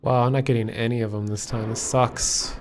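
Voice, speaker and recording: A man's voice: mid-range voice, steady tone, fairly quick, slight background noise. Minnesotan man chatting over a game stream. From Minnesota, USA. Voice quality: chatty, rambling, many fillers. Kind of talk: casual live stream commentary.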